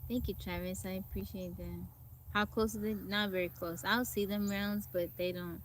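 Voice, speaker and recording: A woman runs a relaxed live stream outside in a forest, talking with viewers, greeting each by name and reading their comments aloud. Her medium-pitched voice has fairly even intonation and a moderate pace, with a little hiss or hum behind it.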